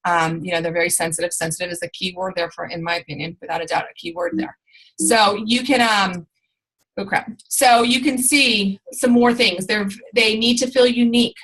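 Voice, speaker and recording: A woman's voice: medium pitch, moderate pace, fairly bright tone, slightly rough, rough recording. A woman giving an informal training talk to her sales team, rambling along with lots of fillers and restarts.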